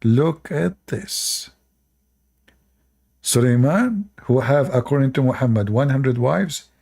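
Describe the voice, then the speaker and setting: Sarcastic gravelly male commentator. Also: medium pitch, warm tone. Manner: sarcastic, laughs often at what he reads. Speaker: religious commentator. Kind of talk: mocking commentary on religious texts.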